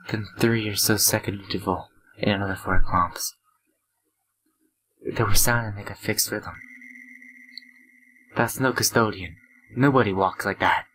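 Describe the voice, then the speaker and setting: A man's voice: lowish voice, pushed and bright, a little hiss or hum, low-quality recording. A half-asleep man hosting a let's play, reading the game's text aloud with asides and stumbling, stuttering delivery.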